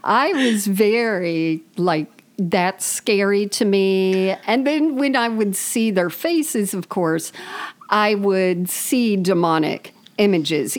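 A woman co-hosting a casual chat, telling wry stories with frequent tangents. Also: lowish voice. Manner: chatty, wry storytelling with tangents. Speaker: podcast co-host.

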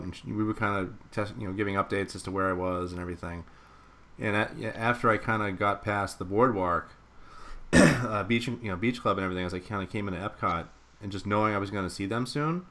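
A man co-hosting a running podcast, telling stories in a chatty way and repeating words when excited. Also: lowish voice. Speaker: podcast co-host. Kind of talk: casual chat.

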